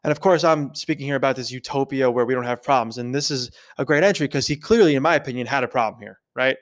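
A man hosting a podcast, thinking aloud in a casual, conversational way and often checking in with a quick "right?". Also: medium pitch. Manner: conversational, keeps asking "right?". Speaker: podcast host. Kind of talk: casual reflective podcast talk.

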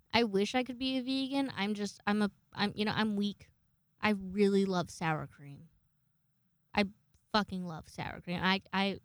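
A woman's voice: mid-range voice, no room sound. A young woman hosting a casual show, telling rambling stories with lots of swearing and self-mockery. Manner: rambling, profane, self-mocking. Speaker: podcast host. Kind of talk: casual storytelling chat.

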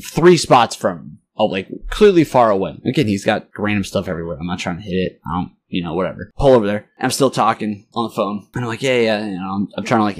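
A young man on a podcast telling a rambling, profane story, getting loud and incredulous as he acts out the argument. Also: lowish voice. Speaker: podcast host. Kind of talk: casual storytelling chat.

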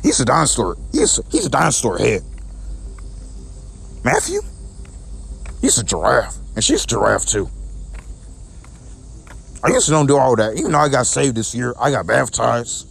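A man's voice: mid-range voice, sing-song, a little fast, gravelly, a bit bright, husky. A young man venting to his viewers in a repetitive, aggrieved way, often stumbling and restarting his sentences. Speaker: vlogger. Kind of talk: personal rant to camera.

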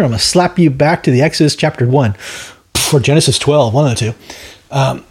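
Brisk and slightly rough, this man's voice is medium in pitch. He leads a Bible study verse by verse, rambling, tossing in opinionated asides, and frequently stammering, repeating words and starting over.

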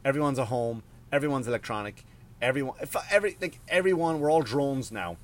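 A man, maybe, hosting a podcast in a profane, rambling, animated rant. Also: medium pitch, fast. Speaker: podcast host. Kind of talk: casual ranting monologue.

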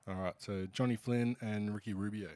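A man's voice: on the low side, fairly even intonation, fairly quick, darkish tone, dry recording. A man with an Australian accent co-hosting a casual sports podcast, joking in a dry, offhand way. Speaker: podcast co-host. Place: small room at a table.

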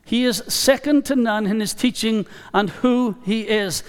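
Man, preacher, sermon, emphatic, deliberate, long church reverb. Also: sits high, clean tone. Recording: long reverb of a large hall.

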